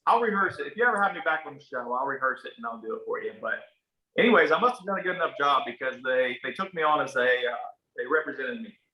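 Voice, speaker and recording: In a roomy, echoey space, a barber in his thirties appears as a podcast guest, speaking with a rural accent from small-town Ohio. His mid-range voice is expressive and fast, though the recording sounds muffled. He tells a story in laid-back, casual talk, swearing now and then and acting out what people said.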